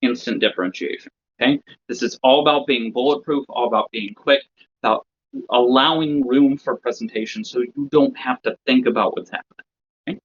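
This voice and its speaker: In a brisk, slightly rough, medium-pitched voice, a man teaches a routine to other magicians one step at a time, pausing to check in with his audience. It's an instructional lecture on a slightly dull lo-fi recording.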